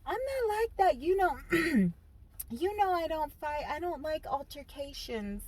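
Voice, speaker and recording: A woman doing a soft-spoken mother who shies away from any fight, her voice pitched high above the storyteller's own. She sounds meek and a little defensive in this storytime vlog. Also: expressive, a little slow.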